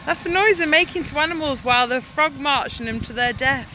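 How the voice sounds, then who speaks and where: A woman's voice: sits high, a little fast. A woman ranting in an indignant, emphatic vlog, repeating her points with anger. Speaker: animal rights vlogger. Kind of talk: angry vlog rant. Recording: faint street noise behind.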